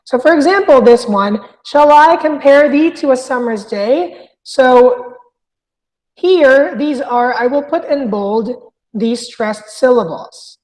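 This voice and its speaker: A woman's voice: sits high, slow pace, darkish tone. A woman teaching a literature review lesson, explaining step by step and often checking in with "okay?". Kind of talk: recorded lecture. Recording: long hall reverb.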